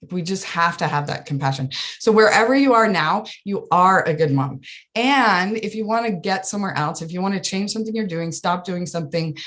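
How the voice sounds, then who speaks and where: A woman life coach, a guest on a podcast, explaining her ideas in an earnest, animated way and laughing often. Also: mid-range voice, brisk, few pauses. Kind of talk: casual interview chat.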